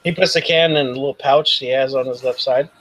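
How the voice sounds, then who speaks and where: A man narrating a tabletop role-playing game as game master, rambling and halting with many ums. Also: medium pitch, fairly even intonation, background noise.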